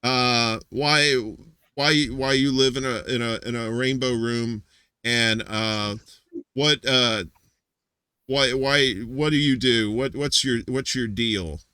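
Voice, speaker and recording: A bright-voiced man hosts a loose live-stream chat over a video call, rambling and joking as he goes. He restarts his sentences often, and his voice sounds dry and close. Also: mid-range voice, fairly even intonation, slow pace, clean tone, no echo. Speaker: host.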